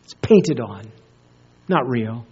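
A man preaching a sermon as pastor, earnest, often dropping to a hushed soft voice and repeating words as he searches for them. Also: medium pitch, animated, slow pace, slightly rough. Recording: dull lo-fi recording.

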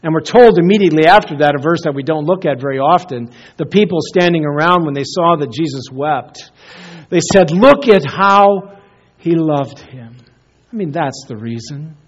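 A man preaching a sermon as pastor, earnest, often dropping to a hushed soft voice and repeating words as he searches for them. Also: a little high, fairly quick, slightly rough. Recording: dull lo-fi recording.

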